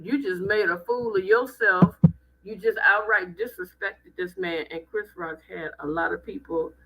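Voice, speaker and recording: A woman hosting a live stream, giving blunt, animated commentary with speech. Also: lowish voice, moderate pace, breathy edge, low-quality recording. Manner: animated, blunt, preachy ranting.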